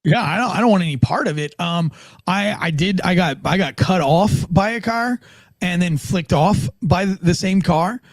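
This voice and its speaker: A man's voice: high-pitched, normal speed, no room sound. A man who is a former police officer, co-hosting a podcast and telling laid-back stories in casual chat. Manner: laid-back, storytelling with acted-out quotes.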